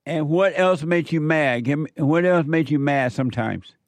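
Hosting a call-in advice show, a man with a fairly high voice counsels a caller, speaking slowly and emphatically and circling back to repeat each point. The sound is close and dry, with no room sound.

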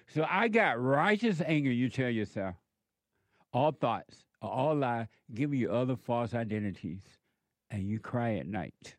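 A man's voice: medium pitch, animated, unhurried, no echo. A man delivering a preaching monologue, emphatic and repetitive, full of rhetorical questions.

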